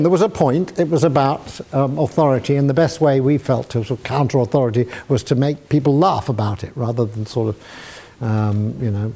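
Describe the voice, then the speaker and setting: A man's voice: medium pitch, dark tone. An older man answering student questions in a university hall, telling anecdotes with chuckles and acting out quoted voices. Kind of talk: anecdotal Q&A storytelling.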